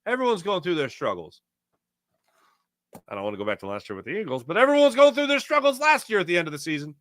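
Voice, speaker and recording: A man's voice: sits high, fast talker, dry recording, clean studio sound. A man hosting a casual sports talk show, reading viewer chat and telling stories in a chatty way with frequent laughs. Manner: animated, chatty, laughs often, storytelling.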